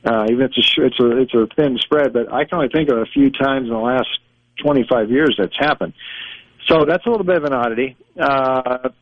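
A man calling in as a sports betting analyst guest, giving a measured, analytical take in a radio phone interview. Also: medium pitch, no room sound. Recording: dull dry phone-in line.

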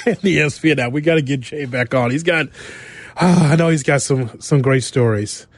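Joking radio host in a dry studio. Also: male voice, on the high side, normal speed, no echo. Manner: joking, laughs easily. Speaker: radio sports talk host. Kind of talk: casual radio interview.

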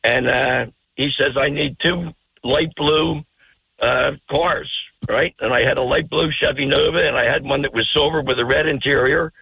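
An older man calling in to a radio show, chatting casually, rambling and stammering with a gravelly voice. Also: medium pitch, fairly even intonation, normal speed, dry recording. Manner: rambling, stammers and repeats words. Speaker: phone-in guest. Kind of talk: casual talk radio chat. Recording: dry tinny phone line.

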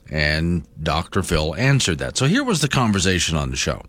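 A man's voice: a bass voice, sing-song, moderate pace, hardly any pauses, fairly bright tone, no echo. A man hosting a morning talk radio show, speaking bluntly and conversationally about listener topics.

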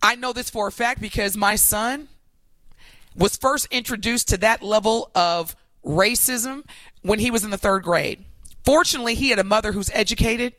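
A woman co-hosting a talk show, making her points emphatically with animated, repeated phrasing. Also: medium pitch, moderate pace, no room sound. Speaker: co-host. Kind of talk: opinionated talk show discussion.

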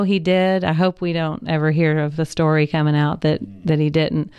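A woman, a pastor, talking in a radio studio interview. Her voice is low-pitched for a woman and very smooth, close and dry. She weighs her words with frequent ums. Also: little pitch movement, normal speed, darkish tone, dry recording. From American South. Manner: thoughtful, hedging with ums, laughs easily. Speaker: pastor and guest.

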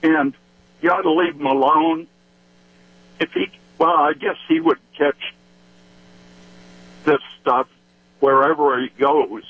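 Slow husky man on a tinny phone line. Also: fairly high pitch, fairly even intonation. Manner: slow, hesitant, easygoing. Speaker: caller. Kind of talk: call-in radio opinion.

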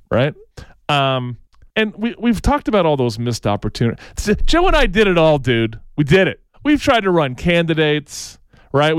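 A man co-hosts a casual talk show, rambling through his points, restarting sentences and tagging them with "right?". His voice is smooth and resonant and sits a little high for a man. The sound is dry and close. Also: no room sound. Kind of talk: casual opinionated local talk.

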